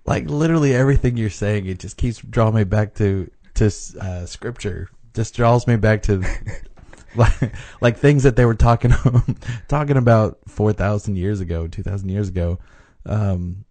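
A man's voice: on the low side, normal speed, dark tone. A man in a casual podcast chat, earnestly explaining scripture with frequent restarts.

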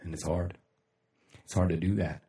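Deep-voiced blunt profane man, echoey room. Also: steady tone, normal speed, dark tone, recorded from a distance. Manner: blunt, profane, rambling, laughs often. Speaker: livestream host. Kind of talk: casual motivational livestream talk.

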